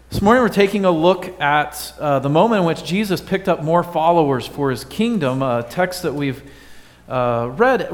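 A male pastor giving a conversational sermon, quizzing his congregation with a light, joking manner. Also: a little high. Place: church sanctuary. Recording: long hall reverb.

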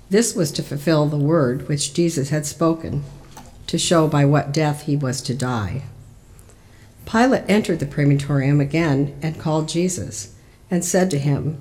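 A lector giving a liturgical Scripture reading in an even, unhurried narration. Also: medium pitch.

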